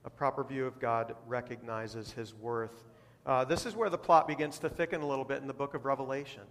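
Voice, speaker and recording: A man's voice: medium pitch, fairly even intonation, brisk, fairly bright tone. A man preaching a sermon as a pastor, with rising bursts of emphasis. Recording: long hall reverb.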